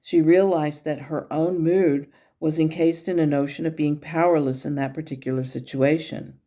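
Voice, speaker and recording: A woman's voice: sits low, fairly even intonation, close to an everyday voice. Wise angel guide, relayed by a woman. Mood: gently instructive. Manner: measured, gently teaching. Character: wise, gently humorous male angel guide.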